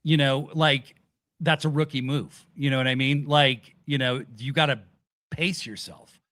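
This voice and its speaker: A man hosting a casual wrestling review chat, animated and swearing casually as he retells events. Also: medium pitch, a little slow, no echo, clean studio sound. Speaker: podcast host.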